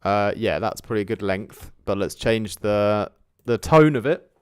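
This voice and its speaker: A man with a lowish voice chats casually through a live production stream, thinking out loud and correcting himself as he goes. He sounds a little congested from sneezing. Loud electronic music plays underneath his voice. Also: expressive, a little slow. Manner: thinks aloud, chatty, self-correcting. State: sneezing and coughing, a bit congested. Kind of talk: casual livestream talk while working. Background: loud electronic music playing.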